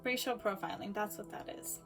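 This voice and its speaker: A woman giving a personal storytelling speech, emotional, swinging between loud emphasis and hushed asides. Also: mid-range voice, steady tone, fairly quick, music in the background. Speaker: speaker.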